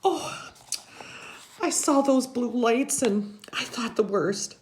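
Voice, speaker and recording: A woman voicing a fussy, doting older grandmother who frets in a high, fluttery voice. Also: slow pace, a little hiss or hum. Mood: fretful.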